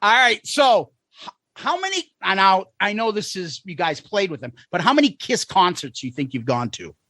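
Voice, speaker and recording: A man co-hosting a podcast, chatting loosely and cracking jokes with the odd curse. His voice sits high and bounces around a lot. It sounds bright and close, with a dry sound. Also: sing-song, moderate pace, no echo. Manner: loose and jokey, swears freely. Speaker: podcast co-host. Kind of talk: casual chat.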